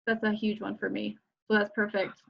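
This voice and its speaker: A woman in a casual chat on a video call, encouraging and quick to agree. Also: mid-range voice, monotone, creaky, breathy edge. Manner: encouraging, frequent agreeing backchannels. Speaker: sign language student. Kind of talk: casual peer feedback chat. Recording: dull lo-fi video call audio.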